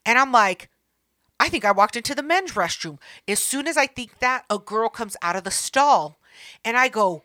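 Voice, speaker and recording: A young woman telling a story in casual chat, animated and profane, acting out voices. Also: a little high, normal speed.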